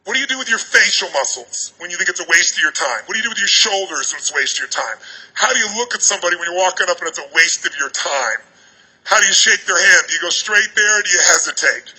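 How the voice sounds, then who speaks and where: A man's voice: sits high, expressive, pushed and bright, slightly rough, rough recording. A man giving a seminar talk to a large arena crowd, firing commanding questions at them over a stage microphone. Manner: commanding, rapid-fire questions. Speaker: motivational speaker.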